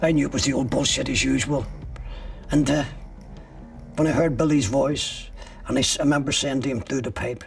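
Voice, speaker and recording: A man's voice: mid-range voice, steady tone, brisk, vocal fry, pauses often, far from the mic. An older man being interviewed, telling a harsh personal story bluntly, with frequent swearing. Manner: blunt, profane, vivid storytelling. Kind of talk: recounting personal ordeal.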